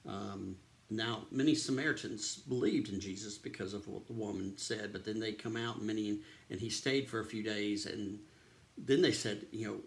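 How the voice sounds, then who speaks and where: A man's voice: on the low side, moderate pace, vocal fry. A man, a pastor casually retelling a Bible story in a devotional, with many ums and uhs.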